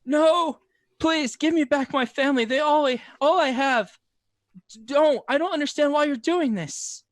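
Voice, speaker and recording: A man doing a sobbing, high-pitched frightened merchant. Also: measured pace, no room sound. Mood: desperate pleading. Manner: pleading, whimpering.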